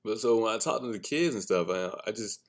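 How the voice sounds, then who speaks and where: A man's voice: fairly low pitch, animated, brisk. A man hosting a casual solo podcast, telling candid stories as a father, swearing freely and laughing often at his own remarks. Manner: blunt, candid storytelling. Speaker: podcast host; father of a son and a daughter.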